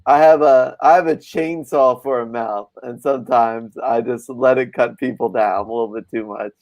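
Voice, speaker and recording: A man chatting on a podcast as a comic book artist, telling profane, animated stories. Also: medium pitch, moderate pace, dull audio. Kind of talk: casual podcast chat.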